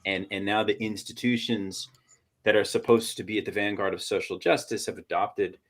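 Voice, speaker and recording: A man from Portland, Oregon, talking through ideas in a halting, academic way on a podcast, restarting his phrases. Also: fairly low pitch, steady tone, fairly bright tone. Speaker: podcast panelist. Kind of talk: casual academic discussion.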